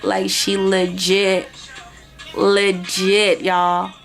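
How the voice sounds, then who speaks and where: A woman's voice: medium pitch, monotone, very slow, vocal fry, soft background music. A young woman vlogger telling a storytime in casual, slangy chat, acting out the voices of everyone in it.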